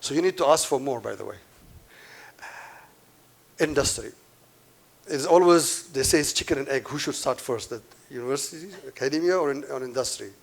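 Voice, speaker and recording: A man's voice: mid-range voice, lively intonation, moderate pace, creaky, long pauses. A man giving a conference keynote to a live audience, emphatic and repeating his key points, with asides to the crowd. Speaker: keynote speaker.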